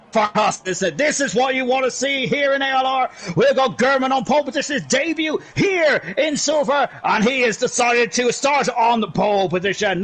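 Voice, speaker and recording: A man commentating a sim racing league live, excitable and chatty, shouting at the big moments. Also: high-pitched, breathy edge. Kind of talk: live esports race commentary.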